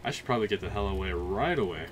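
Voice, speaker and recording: A young man casually commentating a video game, chatty and jokey, with loud excited outbursts. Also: lowish voice, racing. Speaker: let's play host. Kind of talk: gameplay commentary.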